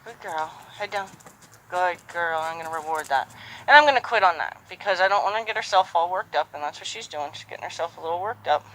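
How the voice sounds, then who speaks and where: A horse trainer working a horse outdoors, speaking calmly and giving repeated soft praise while explaining each step. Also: mid-range voice, quick pace, a little hiss or hum, poor audio. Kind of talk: live training commentary.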